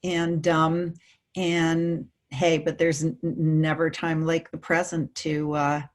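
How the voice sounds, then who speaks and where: Middle-aged woman, guest on an interview, lower voice, storytelling with feeling, acts out the voices of the people in her story. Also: slow pace. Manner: emotional, animated storytelling with quoted voices. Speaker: guest speaker.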